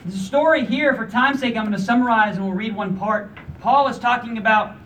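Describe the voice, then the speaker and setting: Male preacher, 30s, casual and emphatic sermon delivery, high animated pitch, mic at a distance. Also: fairly quick, hardly any pauses, a little hiss or hum. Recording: voice from a distance with faint room ambience.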